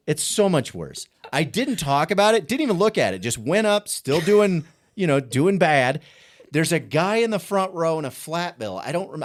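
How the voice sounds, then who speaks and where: A male stand-up comedian telling a story as a podcast guest, animated and self-mocking, often laughing as he talks. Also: fairly high pitch. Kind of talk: casual storytelling chat.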